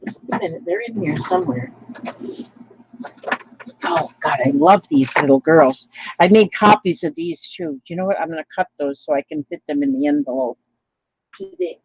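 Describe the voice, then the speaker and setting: A woman's voice: sits low, very animated, moderate pace, pauses often, breathy edge. A woman from Minnesota with a Midwestern American accent, chatting in a rambling, playful way while she crafts and reads out viewer comments. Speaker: craft vlogger. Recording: dull lo-fi home recording.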